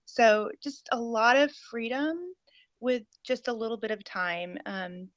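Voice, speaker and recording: A woman in her forties gives an eager, rambling testimony, full of fillers, in a somewhat high voice. The sound is dull and lo-fi and completely dry, with no room around it. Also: a little slow, dry recording. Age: 40s. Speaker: caller giving a testimony. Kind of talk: personal testimony on a call.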